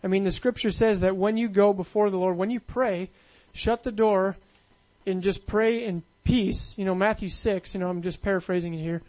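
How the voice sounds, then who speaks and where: High-voiced man preaching casually. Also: fairly even intonation, moderate pace, a little mellow, rough recording. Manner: casual, conversational preaching with many fillers. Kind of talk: sermon.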